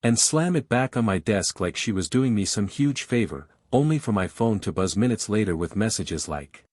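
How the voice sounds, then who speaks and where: A man narrating a first-person romance story in a flowing, steady manner, carrying long run-on sentences. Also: lowish voice, moderate pace, no echo, clean studio sound.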